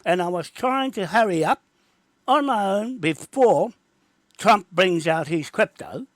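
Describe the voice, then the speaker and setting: A man's voice: sits high, animated, a little slow, dry recording. A man, rambling emphatically from topic to topic in a livestream monologue into his phone.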